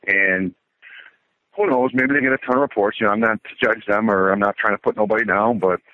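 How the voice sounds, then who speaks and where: A man's voice: on the low side, steady tone, fairly quick. A middle-aged man calling in, telling a story in a casual, matter-of-fact way, like a military report. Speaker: caller. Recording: tinny phone line.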